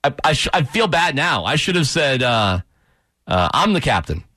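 Animated joking sports radio host, bright voice. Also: male voice, fairly high pitch, no room sound, studio quality. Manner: joking, animated, quick asides. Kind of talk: casual radio banter.

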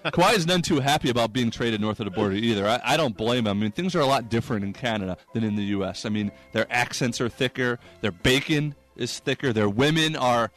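Guy doing a comedy sports rundown, cracks up at his own jokes, mid pitch, light music under it. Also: animated, a bit bright. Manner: quick joke delivery, laughs at own jokes. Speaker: comedy sports segment host.

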